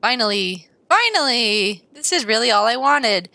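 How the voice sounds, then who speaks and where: A woman voicing a shy teenage girl in a game who grows possessive and intense, read in a soft, creeping way. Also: mid-range voice, fairly quick, dry recording, rough recording. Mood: obsessive.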